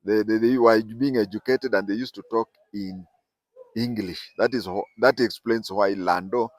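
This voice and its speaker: An older Kenyan man recounting his family history in an unhurried, digressive way. His voice sits fairly low, and he circles back, repeats phrases and fixes words as he goes. The sound is close and dry, with no room echo. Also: fairly even intonation. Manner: digressive, repeats and corrects himself mid-sentence. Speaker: family storyteller. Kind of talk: casual oral storytelling.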